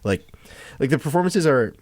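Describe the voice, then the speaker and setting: A man with an expressive, mid-range, somewhat dark voice co-hosts a podcast, discussing a film in casual chat at normal speed. He rambles and restarts, using lots of fillers. The recording is dry, with clean studio sound.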